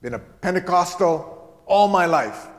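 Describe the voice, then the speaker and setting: A man's voice: high voice, lively intonation, unhurried, pitched above the performer's own voice. A man putting on a feisty old German-accented lady. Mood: insistent. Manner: blunt, insistent. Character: spry, feisty old Austrian woman. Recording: long hall reverb.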